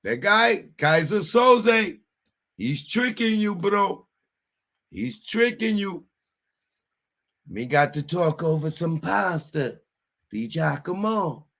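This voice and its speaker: A man's voice: sits high, animated, gravelly, fairly bright tone, pitched above the performer's own voice, exaggerated voice. A man putting on the voice of a tough Italian-American mobster, wheedling and drawing out a name. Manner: wheedling gangster talk, drawn-out name calling.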